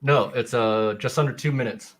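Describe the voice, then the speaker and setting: A man joining a casual stream panel as a guest, pushy and joking as he pitches his own video. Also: normal speed.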